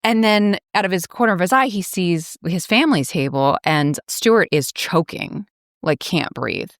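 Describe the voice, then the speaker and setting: A woman with a notably low voice hosts a podcast, retelling a story in a loose, chatty way full of fillers and wry asides. Her sound is close and dry, with no room echo. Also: expressive, moderate pace. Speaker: podcast host. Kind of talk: casual plot recap.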